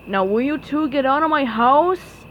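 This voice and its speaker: A woman's voice: sits high, animated, unhurried, slight background noise, poor audio. A woman voicing a cranky, vain male squid neighbor who grumbles.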